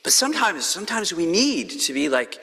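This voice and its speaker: A man's voice: high voice, big pitch swings, fairly quick, creaky, pushed and bright, breathy edge, big-room sound. A male pastor preaching a conversational sermon in a church, telling the story with playful quoted voices. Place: church sanctuary.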